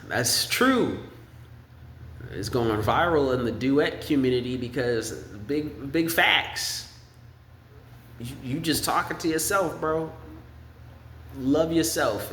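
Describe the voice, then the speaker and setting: In an echoey room with faint ambience and slight background noise, a music commentator talks through song lyrics in a bright, forceful voice. He rambles, thinks out loud in a casual way, and sings bits of the lines in falsetto.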